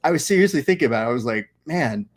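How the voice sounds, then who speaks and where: A man's voice: medium pitch, lively intonation, rapid-fire. A man hosting a casual watch-along show, chatting and teasing his guest with frequent laughs. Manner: joking, teasing, laughs often. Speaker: show host.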